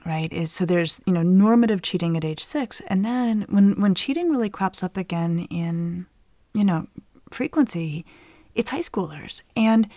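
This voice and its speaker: A woman's voice: mid-range voice, dry recording. Brief: middle-aged woman, expert guest, dry close sound, chatty explainer. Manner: lively, explains plainly, often laughs. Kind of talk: conversational explanation with anecdotes.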